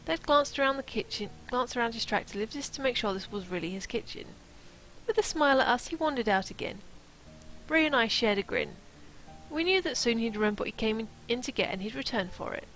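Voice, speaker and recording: A woman's voice: on the high side, animated, fairly quick, fairly bright tone, faint music behind, rough recording. A woman streaming herself reading a novel aloud, stopping for playful, chatty asides.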